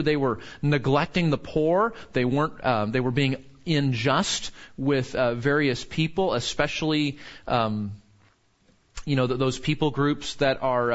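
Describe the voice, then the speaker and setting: A man's voice: fairly high pitch, a bit bright, lo-fi sound. A man teaching a Bible study in a conversational sermon, earnest, asking the group questions and restarting his sentences.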